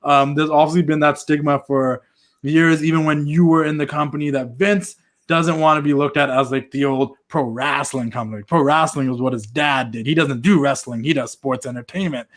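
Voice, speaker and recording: A man's voice: fairly high pitch, steady tone, moderate pace. Chatty man asking questions. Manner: chatty, lots of likes and ums. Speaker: podcast co-host. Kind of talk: casual interview questions.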